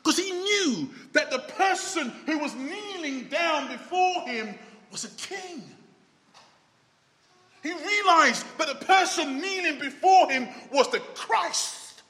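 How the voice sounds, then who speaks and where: A man delivers a sermon in a high, bright, lively voice that rises and falls widely. He takes his time, with dramatic swings from loud exclamations to hushed low asides. A long reverb trails each phrase, as in a large hall. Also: takes it slowly. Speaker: preacher.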